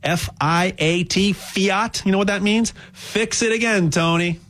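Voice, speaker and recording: A man giving a rambling, jokey sales pitch for buying gold, full of restarts and repeated words. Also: a little slow. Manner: animated, repetitive restarts, jokey asides. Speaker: gold dealer spokesman.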